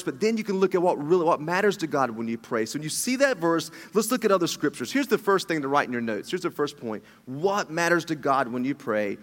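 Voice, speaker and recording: Middle-aged male pastor, animated, joking sermon delivery with restarts, fairly high voice, long church reverb. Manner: animated, jokey preaching with many restarts. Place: church hall.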